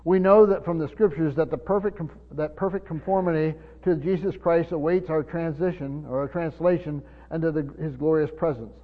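A man's voice: a little high, fairly quick, hardly any pauses. A man preaching a Bible-teaching sermon, stumbling over repeated words and asking the congregation questions. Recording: dull hall recording with reverb.

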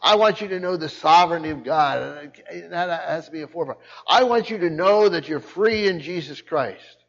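An older pastor preaches with a fairly high voice, pressing his points hard and circling back over his words as he goes. The recording sounds muffled and low-fidelity. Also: moderate pace, creaky. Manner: repeats words and restarts, emphatic. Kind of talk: sermon.

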